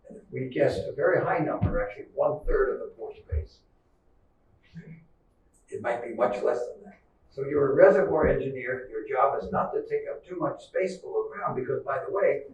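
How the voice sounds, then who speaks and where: Older guy giving a seminar talk, gravelly, chatty and direct. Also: mid-range voice, low-quality recording. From United States. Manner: conversational, checks in with the audience. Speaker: guest lecturer. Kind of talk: academic seminar lecture. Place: lecture hall.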